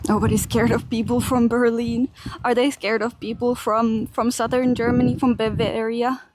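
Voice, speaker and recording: Young finnish girl walking a park on stream, giggly, talks to chat, a bit high pitched. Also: level tone, normal speed, darkish tone, slight background noise. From Finland. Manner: chatty, giggly, reads and answers chat while walking. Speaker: IRL streamer. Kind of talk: casual live-stream chat. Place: large park outdoors.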